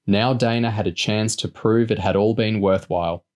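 A man with a fairly low voice reads a novel chapter aloud. He narrates at a steady, measured pace, in the manner of a practised audiobook reader.

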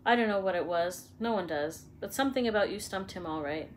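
Woman doing gruff kindly giant gamekeeper, rough country speech, storybook reading, faint background hum. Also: mid-range voice, a little fast, natural voice. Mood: reassuring.

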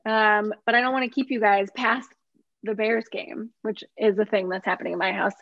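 A woman's voice: mid-range voice, steady tone, moderate pace, fairly bright tone, dry recording. A woman from Minnesota hosting a casual cooking chat on a video call, upbeat and chatty, often laughing. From Minnesota, USA. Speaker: host. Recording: dull, muffled video call audio.

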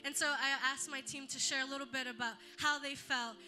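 Young woman youth leader, animated storyteller, very bright high voice. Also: fairly quick, soft background music. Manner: animated storytelling, acts out quotes. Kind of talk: church youth talk.

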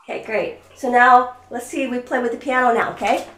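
A woman's voice: fairly high pitch, fairly even intonation, brisk, fairly bright tone, reverberant, far from the mic. A woman teaching violin over a video call, coaching a student and singing rhythms aloud. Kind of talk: online music lesson.

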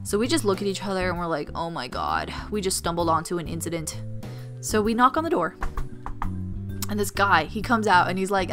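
A young adult woman telling college stories as a casual storytime vlog, chatty and full of fillers. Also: medium pitch. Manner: chatty, filler-heavy, vivid retelling. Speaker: storytime vlogger, former resident assistant. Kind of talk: casual storytime while drawing.

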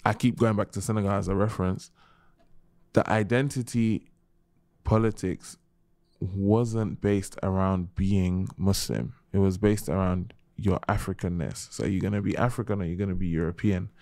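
A man's voice: low-pitched, fairly even intonation, normal speed, darkish tone, dry recording. A young man from the United Kingdom, a podcast guest, explaining history with many examples in a conversational way. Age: young adult. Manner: expansive, explaining with examples and asides. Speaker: guest, Islamic history speaker.

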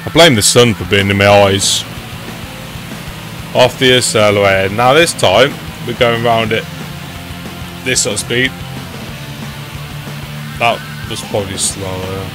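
A man's voice: fairly low pitch, unhurried, long pauses, music in the background. A young man giving live gameplay commentary as he plays a racing game, swearing often and getting frustrated with his car. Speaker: gaming channel host.

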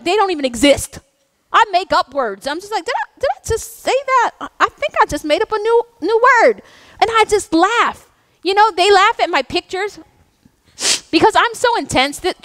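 In a church sanctuary, a middle-aged woman pastor preaches with intense, animated energy, dropping into playful, self-mocking asides. Her voice sits high, and the sound is dry and close with little room around it and no echo.

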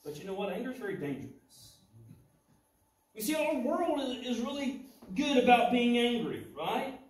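A male pastor delivers an impassioned sermon, his voice pitched very high for a man. He is recorded from a distance, and the church room adds a lot of echo. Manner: impassioned preaching, rising to shouts. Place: church sanctuary. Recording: echoey church hall, mic at a distance.

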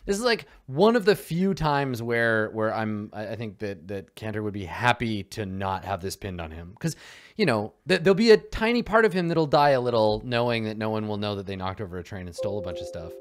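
A man playing a tabletop role-playing game, jokey and excitable in casual chat, often trailing off quietly. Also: lowish voice, brisk.

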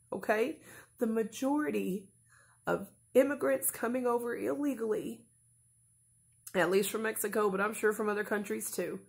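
A woman's voice: on the high side, vocal fry. A woman in her thirties talking casually and earnestly to camera in a home vlog, rambling at times and openly emotional. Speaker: vlogger.

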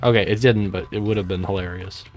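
A man's voice: low voice, fairly even intonation, fast talker, darkish tone, soft background music. A young man casually commenting on his own gameplay, rambling and joking, with sudden panicky outbursts. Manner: rambling, jokey, panicky bursts. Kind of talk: casual let's-play commentary.

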